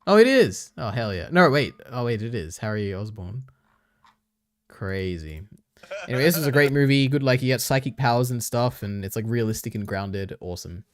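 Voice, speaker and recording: A man's voice: mid-range voice, expressive, moderate pace, no room sound. A young man streaming, reacting to videos in an offhand, chatty way and thinking aloud.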